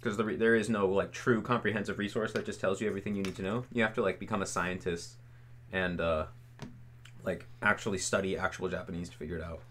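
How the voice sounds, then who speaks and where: A man's voice: sits low, fairly even intonation, fast talker, fairly bright tone. A young man chatting casually on a livestream, answering viewer questions in loose talk full of fillers and "like"s. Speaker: streamer answering chat questions.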